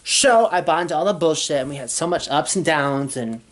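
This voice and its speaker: Young woman from Texas with a low voice, vlogging a rambling storytime full of restarts and swearing. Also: lively intonation, a little fast. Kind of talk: casual storytime.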